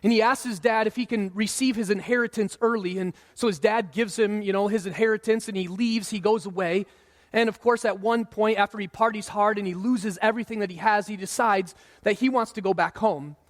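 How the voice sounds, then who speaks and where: A man in his thirties preaching a sermon in a relaxed, conversational way, sometimes acting out what people say. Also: high-pitched, brisk. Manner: conversational preaching, acts out quoted voices. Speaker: pastor. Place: church sanctuary. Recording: long hall reverb.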